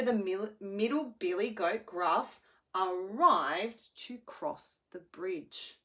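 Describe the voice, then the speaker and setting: A woman speech pathologist retelling a children's story with slow, simplified, expressive speech and key word signs. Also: mid-range voice.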